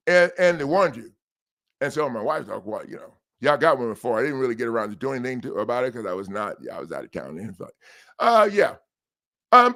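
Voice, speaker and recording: A man hosting a livestream, casually telling a story and acting out the people he quotes. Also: a little high. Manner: animated, laughing storyteller who acts out quotes. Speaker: livestream host.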